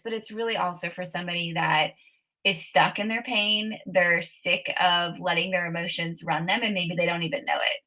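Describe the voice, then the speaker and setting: A woman with a bright, forceful voice talks in a relaxed interview. She lays out her method step by step, in an earnest tone. Now and then she speaks a prayer aloud as if in the moment. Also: on the low side, rough recording. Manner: Christian faith talk. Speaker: author and coach, podcast guest. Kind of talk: casual interview talk.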